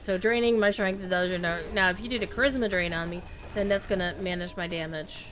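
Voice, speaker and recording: A woman's voice: lowish voice, steady tone, brisk. A woman streamer giving wry, chatty commentary while playing a game. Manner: chatty, wry, throat-clearing. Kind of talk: casual gameplay commentary.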